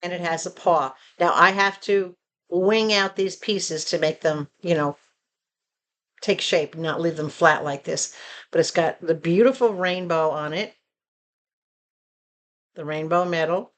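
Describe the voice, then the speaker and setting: A woman's voice: measured pace, pauses often. A woman with a Southern American accent chatting casually and expressively to her viewers from home. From Southern United States. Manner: chatty and expressive, rising to animated pitch when excited. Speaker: vlogger. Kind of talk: casual chat.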